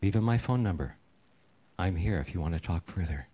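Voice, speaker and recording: A middle-aged man preaching a sermon, telling a personal story earnestly and sinking to a hushed, slow voice for the serious parts. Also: low-pitched, expressive. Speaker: pastor.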